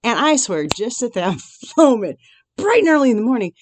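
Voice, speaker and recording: In a relaxed daily devotional vlog, a Christian woman talks about her day and faith in a highish, very animated voice at a moderate pace, recorded dry. Self-deprecating and quick to laugh, she shifts into reflective thankfulness.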